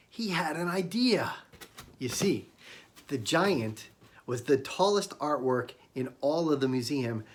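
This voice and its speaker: A man tells an interactive story for young children in an animated, expressive way, stopping to ask his listeners questions. His voice is husky and slightly breathy, sitting at a middling pitch. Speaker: storyteller and illustrator.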